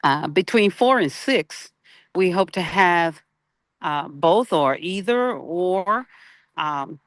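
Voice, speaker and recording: Host, slow-paced, dry close sound, halting, searching unscripted spiritual talk. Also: medium pitch, lively intonation, a bit bright, dry recording. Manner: halting, searching for words, rhetorical questions. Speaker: broadcast host.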